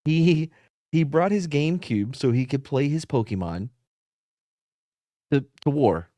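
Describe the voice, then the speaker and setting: A man's voice: on the high side, expressive, unhurried, mellow, no room sound. Profane storytelling man, dry close sound. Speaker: podcast host. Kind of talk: casual storytelling chat.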